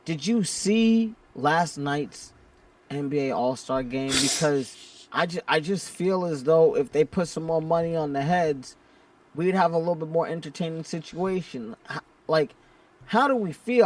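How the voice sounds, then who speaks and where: Male co-host, higher-pitched, lively and hyped, set back from the mic. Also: distant mic. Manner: animated, rising into hype. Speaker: sports podcast co-host. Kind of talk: casual chat.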